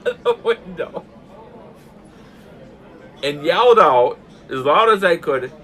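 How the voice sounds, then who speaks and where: An older man telling a funny story in a casual way, laughing hard often and acting out the shouted lines himself. He talks in a pub. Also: on the high side, animated, moderate pace.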